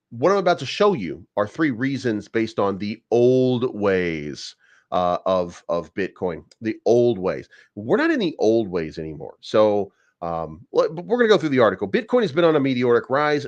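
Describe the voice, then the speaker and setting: A man hosting a crypto channel, giving rambling, profane market commentary with many restarts. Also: fairly low pitch. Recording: dull lo-fi sound.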